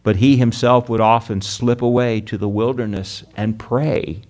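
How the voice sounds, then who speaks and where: A male pastor delivering an earnest sermon in a voice of ordinary middle pitch. He leans hard into key words, then drops to a softer, slower tone when he reads scripture aloud. He keeps turning to his listeners as friends and beloved. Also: steady tone. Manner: earnest preaching, drops loud then soft for emphasis, slows on scripture; addresses the congregation as "my friends" and "beloved".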